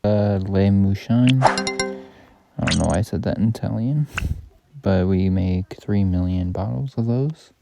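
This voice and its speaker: A man giving casual, rambling commentary on his own game, correcting himself as he goes. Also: low-pitched. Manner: rambling, self-correcting, offhand. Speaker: gaming YouTuber. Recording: loud background noise.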